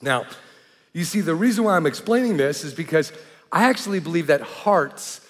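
A man's voice: a little high, lively intonation, moderate pace, a bit bright, big-room sound. A man preaching a sermon as pastor in a conversational way, often checking in with his listeners through rhetorical questions.

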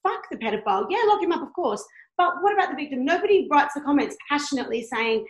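A woman in her thirties talks fast and passionately, blunt and unfiltered, with the odd swear word. Her voice sits a little high and rings in an echoey room. Candid podcast chat. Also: very animated. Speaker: guest, blogger who tours.

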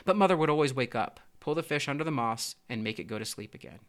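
A man's voice: mid-range voice, expressive, quick pace. Man reading a storybook aloud.

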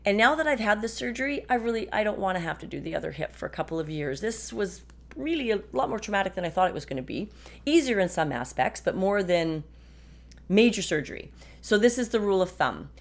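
A woman in her fifties hosts a podcast from her desk at home, delivering a casual personal monologue. Her medium-pitched voice is very animated and fast, and she talks frankly and chattily with some wry sarcasm.

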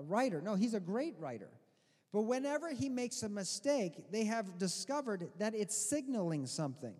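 A man preaching a sermon, teaching his congregation in an emphatic way and slowing down to stress key words. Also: high voice, a little mellow. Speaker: pastor. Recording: long hall reverb.

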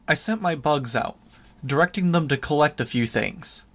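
A man narrating a first-person audiobook in a steady, measured reading voice. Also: fairly high pitch, gravelly.

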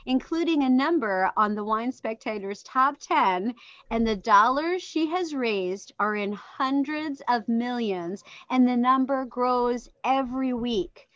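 A woman's voice: a little high, unhurried, a bit bright, no echo. A woman hosting an interview show, introducing her guest with enthusiasm. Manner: enthusiastic, upbeat. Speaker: podcast host. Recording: dull, dry lo-fi recording.

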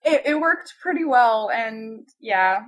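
A woman's voice: on the high side, lively intonation, slow pace, poor audio. A young woman telling a funny story in casual chat, giggling often and full of fillers.

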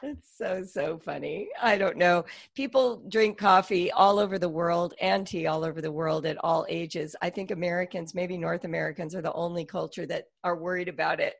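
A woman's voice: fairly low pitch, steady tone, normal speed, creaky, hardly any pauses. A middle-aged woman, a guest author on a podcast, speaking thoughtfully and telling stories expressively. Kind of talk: podcast interview.

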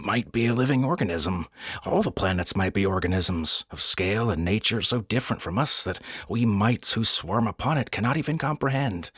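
A man's voice: fairly low pitch, fairly bright tone, husky, no room sound, studio quality. A man voicing a thoughtful, speculative male geologist who reasons his ideas out in a musing way.

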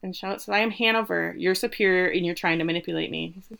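A woman co-hosting a casual podcast, retelling a TV episode with lively quotes of the characters. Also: on the low side, fast, vocal fry, hardly any pauses. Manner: animated retelling, quoting characters with playful voices. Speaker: podcast co-host recapping a TV episode. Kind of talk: casual chat.

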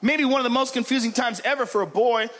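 A man doing a stand-up comedy routine in a club, profane and shouting his punchlines while acting out characters. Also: very high-pitched, fast talker. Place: comedy club stage with laughing audience. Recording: live club recording with crowd laughter and noise.

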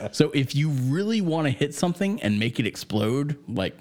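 A man's voice: a little high, darkish tone. A man co-hosting a podcast, chatting loosely about a film with a lot of swearing and filler words. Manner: rambling and profane, with lots of fillers. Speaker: podcast co-host reviewing a film. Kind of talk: casual chat.

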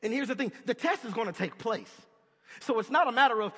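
A man's voice: very high-pitched, lively intonation, fairly quick, a bit bright, husky. A man preaching a sermon in a conversational, emphatic way, putting questions to his listeners. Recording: long hall reverb.

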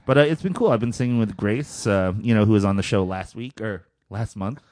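A man's voice: fairly low pitch, fairly quick, darkish tone, no echo, clean studio sound. A man co-hosting a podcast in casual chat, laid-back, laughing often and filling with "uh" and "you know". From Philadelphia. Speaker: podcast co-host.

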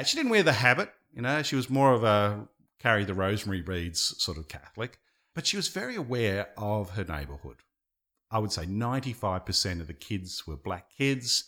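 A man co-hosting a podcast, telling a story in a conversational way that swells and dips in loudness. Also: fairly low pitch. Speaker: podcast co-host.

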